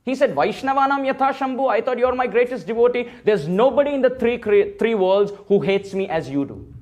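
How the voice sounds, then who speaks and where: A man's voice: very high voice, animated, brisk, few pauses, darkish tone. A man giving a temple sermon, telling a sacred story and acting out the dialogue of its figures. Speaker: temple speaker. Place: temple hall.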